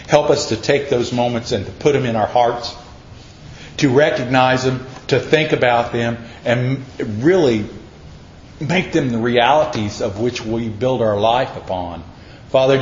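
A man's voice: mid-range voice, reverberant, dull audio, slight background noise. An older man preaching a sermon in an emphatic, conversational way, acting out little asides and ending in prayer. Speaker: pastor.

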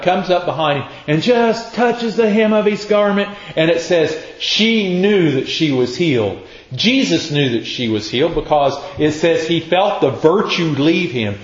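A man preaching a sermon, telling a story in an animated way and acting out the quoted lines. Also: fairly high pitch. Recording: echoey room, dull lo-fi sound.

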